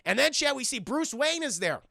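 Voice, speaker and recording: Male streamer, high gravelly voice, profane scene-by-scene recap to chat. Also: a little fast, no room sound. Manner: excitable, profane, keeps addressing chat. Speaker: streamer reviewing a cartoon. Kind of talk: live-streamed episode recap.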